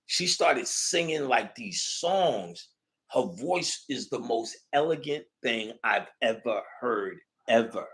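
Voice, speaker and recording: A man hosting a casual chat, telling a story in an excitable, profane way, swinging between loud bursts and hushed asides. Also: medium pitch, takes it slowly. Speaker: podcast host.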